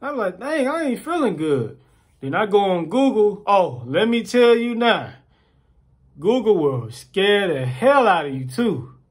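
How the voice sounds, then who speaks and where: A man with a high, slightly breathy voice and a somewhat slow delivery rants casually at the camera. As he tells his stories, he acts out quoted voices and keeps repeating words.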